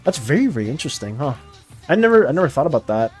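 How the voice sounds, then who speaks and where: Young male streamer, high, bouncy voice, rambling and apologetic, soft music underneath. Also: a little fast. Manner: animated, apologetic, rambling with frequent restarts and laughs. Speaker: art streamer chatting with viewers. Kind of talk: casual live-stream chat.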